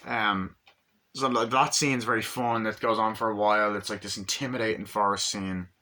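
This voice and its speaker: Bright, low-voiced man reviewing films. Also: steady tone, moderate pace. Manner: rambling, swears often, acts out scenes in voices. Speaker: movie reviewer. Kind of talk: casual spoken film review.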